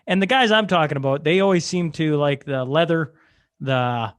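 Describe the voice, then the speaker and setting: A man's voice: on the high side, normal speed, smooth. Man hosting a casual podcast chat. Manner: curious, eager questions, talks of his wife. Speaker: podcast host.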